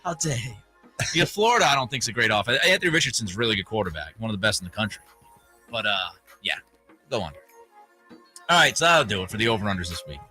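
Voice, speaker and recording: Sports radio host, male, bright tone, casual and laughing, music bed under. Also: lowish voice, sing-song, racing. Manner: laughs often, runs the segment.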